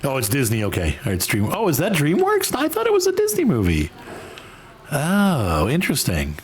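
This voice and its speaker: A man hosting a game stream chats casually while he plays, rambling between tasks and now and then breaking into exaggerated voices. His voice is a little high, with wildly swooping pitch and a moderate pace.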